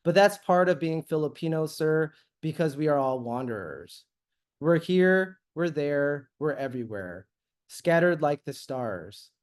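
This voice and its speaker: A man reading as a gentle Filipina helper. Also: on the high side, expressive, measured pace. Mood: earnest. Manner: earnest, addressing a listener as sir. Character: Filipina helper woman, gentle and sing-song.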